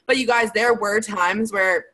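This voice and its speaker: A woman's voice: mid-range voice, steady tone, a little slow, bright, forceful tone, poor audio. A young woman, a sales team leader talking in a chatty, emphatic way in a motivational Q&A. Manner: chatty and emphatic, full of "like" and "you guys". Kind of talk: motivational Q&A livestream talk.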